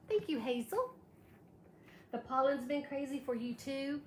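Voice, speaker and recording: This craft livestream host has a high, animated voice and a measured pace as she shows her technique and calls out viewers by name with thanks. She's a little worn out and dealing with allergies, and her echoey room carries faint background noise.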